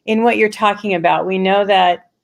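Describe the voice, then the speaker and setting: A woman hosting an interview, talking earnestly and thinking aloud in quick rushed bursts. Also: medium pitch, steady tone, creaky. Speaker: host. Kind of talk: reflective conversational interview.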